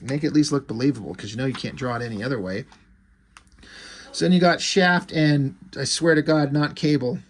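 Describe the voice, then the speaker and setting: A man casually reviewing a comic book, sarcastic and swearing freely. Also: mid-range voice. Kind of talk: casual profane commentary.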